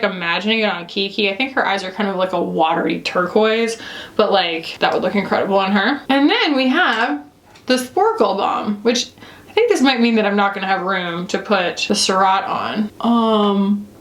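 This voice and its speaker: Her voice is mid-range and the sound is roomy. This beauty reviewer is bubbly and playful, doing a casual makeup review while talking to herself as she puts on products.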